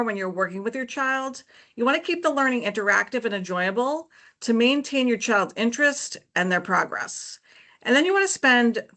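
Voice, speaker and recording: Woman educator, bright clear tone, teacherly parent talk, mid pitch. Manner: friendly teacherly explaining with frequent "um" and "okay, so". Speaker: educator presenting a parent workshop. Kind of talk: informative presentation.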